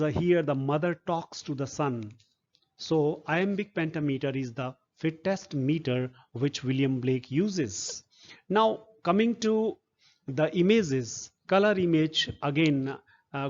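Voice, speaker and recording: A man, a literature professor, slowly explaining a poem in a recorded lecture, with frequent fillers and repeated words. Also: fairly high pitch, a little mellow, highs cut off.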